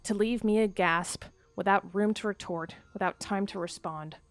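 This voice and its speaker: A woman reading the part of a bitter, grieving disembodied voice from a book in a game, in a low, sorrowful, reproachful way. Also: normal speed, no room sound, natural voice.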